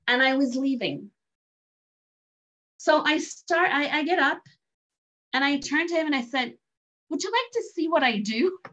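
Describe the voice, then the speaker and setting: A woman telling a story in a casual, animated way, laughing often and restarting lines. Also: on the high side. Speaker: guest sharing a story. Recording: dull lo-fi sound.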